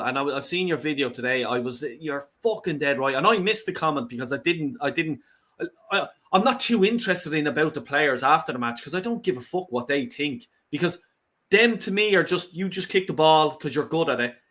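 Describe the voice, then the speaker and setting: A man co-hosting a fan channel vents with indignation, stumbling over his restarts. His voice is bright and tense, sitting a little high. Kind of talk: heated casual fan talk.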